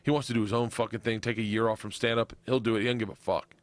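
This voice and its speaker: A man who is a stand-up comedian and a guest, talking in an excitable, rambling, profane way in casual chat. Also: lowish voice, rapid-fire, no echo.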